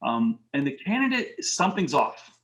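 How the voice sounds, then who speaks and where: A man as a podcast guest, telling lively anecdotes in casual talk and acting out the people in them. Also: medium pitch, normal speed. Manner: animated anecdotes with quoted voices. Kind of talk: casual storytelling interview.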